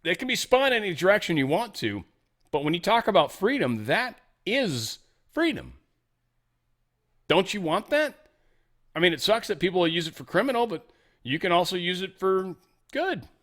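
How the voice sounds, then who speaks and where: A man's voice: high voice, sing-song, normal speed, pauses often, fairly bright tone. A man hosting a casual political commentary show, reading news items and breaking into rambling, sarcastic asides.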